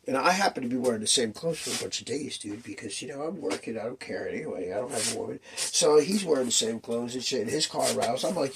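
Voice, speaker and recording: A man in his fifties rambles through a personal grievance, cursing freely and acting out the quotes. His voice sits at a middle pitch, with a faint hiss of noise behind it. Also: animated, a little fast, a bit bright. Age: 50s. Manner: profane, restless, storytelling with acted quotes.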